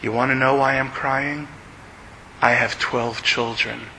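A man voicing a grateful father from Jerusalem who speaks softly, slowly and tearfully. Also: medium pitch, fairly even intonation, a little hiss or hum, poor audio. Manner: soft, slow, tearful. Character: grateful Jerusalem father of twelve, weeping quietly.

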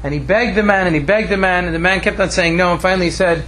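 A man telling a Jewish tale with a moral, acting out the characters' lines in an animated way. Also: high-pitched, quick pace, few pauses, poor audio. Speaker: storyteller. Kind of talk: telling a Jewish story with a lesson.

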